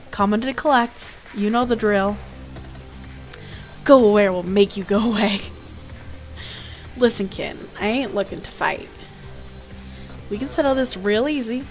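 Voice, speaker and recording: A woman's voice: mid-range voice, lightly acted, rough recording. A woman putting on a taunting thug. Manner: taunting tough-guy drawl. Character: menacing young male thug with a bat.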